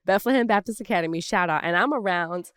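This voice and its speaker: A woman's voice: mid-range voice, quick pace, fairly bright tone, clean tone, dry recording, clean studio sound. A woman from Brooklyn, co-hosting a podcast and telling personal stories in casual conversation. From Brooklyn, New York. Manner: reflective storytelling with asides. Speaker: podcast co-host.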